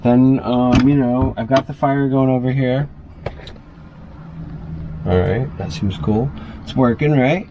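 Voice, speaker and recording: A man's voice: medium pitch, slow pace, pauses often, background noise. A man chatting loosely through a casual cooking vlog inside his small RV, full of fillers and asides.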